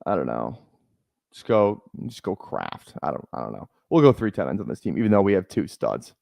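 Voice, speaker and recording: A man's voice: deep voice, very animated, a little fast, gravelly, darkish tone, dry recording, clean studio sound. A young man from Minnesota chatting casually on a live stream, rambling and joking with many restarts. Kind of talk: casual live-stream chat while drafting.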